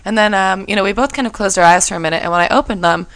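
A woman's voice: mid-range voice, rapid-fire, clear, resonant tone, dry recording, poor audio. A young adult woman co-hosting a talk show, telling a story in casual chat and acting out the quoted voices. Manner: animated, acts out quoted voices. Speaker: show co-host.

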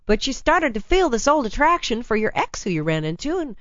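A woman hosting a talk radio advice show, chatty, blunt and teasing, with a raspy, hoarse voice from laryngitis, talking into a studio microphone. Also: fairly high pitch, very animated, fairly quick, fairly bright tone, dry recording, highs cut off.

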